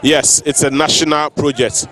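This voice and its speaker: Halting man at a festival. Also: on the high side, little pitch movement, a bit bright. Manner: halting, many fillers. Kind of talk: public remarks mixing English and Twi. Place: outdoor festival grounds.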